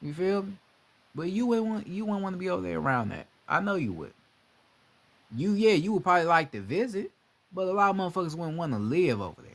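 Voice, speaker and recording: Profane, animated young man ranting. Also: high voice, fairly quick. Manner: profane, animated, mimics voices. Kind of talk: casual monologue.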